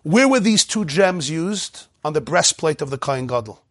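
High-voiced animated male Torah teacher. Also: moderate pace, no echo, studio quality. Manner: animated, acts out dialogues in changing voices; mixes Hebrew text readings with English explanation. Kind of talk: lively Torah class lecture.

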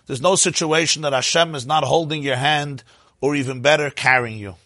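A man teaching a sermon, telling stories in an animated way that climbs to emotional peaks. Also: a little high, normal speed, no room sound, studio quality. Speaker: rabbi.

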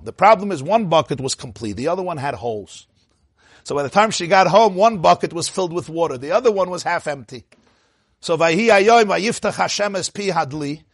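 A man giving a sermon, telling stories in an expressive way and mixing in Yiddish and Hebrew phrases. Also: a little high, breathy edge, dry recording, studio quality. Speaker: rabbi. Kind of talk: sermon with storytelling.

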